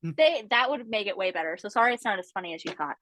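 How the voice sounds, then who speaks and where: A woman's voice: medium pitch, fast, no room sound, low-quality recording. A woman co-hosting a podcast, telling a funny story in casual chat with lots of asides. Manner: animated, chatty, with frequent asides. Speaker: podcast co-host.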